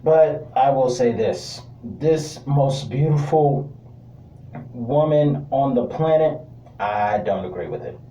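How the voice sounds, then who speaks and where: A man chatting through a wrestling review, joking and tossing in offhand asides. His voice is mellow and soft-edged. It carries an echoey room sound and sits a little away from the mic. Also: mid-range voice, animated, takes it slowly, distant mic. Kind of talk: casual commentary.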